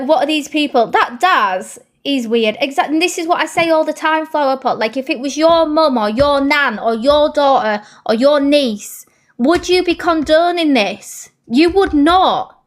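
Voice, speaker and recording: Brief: high-pitched British woman, heated blunt rant with swearing, talks to her live viewers. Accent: British English. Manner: addresses her viewers and reads their comments. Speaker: TikTok live streamer. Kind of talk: angry ranting commentary.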